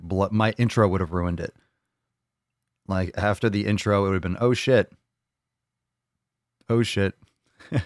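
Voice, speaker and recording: A man hosting a casual livestream podcast, joking and swearing loudly with hype-style bravado. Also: low-pitched, no echo, studio quality. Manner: brash, joking, profane hype talk. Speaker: podcast host.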